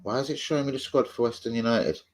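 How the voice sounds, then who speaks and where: A man's voice: medium pitch, quick pace, slight background noise. A man hosting a live stream, debating football bluntly, swearing freely and arguing with his chat.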